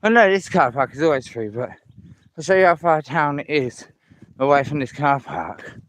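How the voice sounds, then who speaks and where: A man's voice: a little high, very animated, normal speed. A man on a live walking vlog, chatty and enthusiastic, out of breath as he climbs a hill path outdoors, filmed on a handheld phone. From England. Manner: chatty, repeats himself, enthusiastic about scenery. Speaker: vlogger.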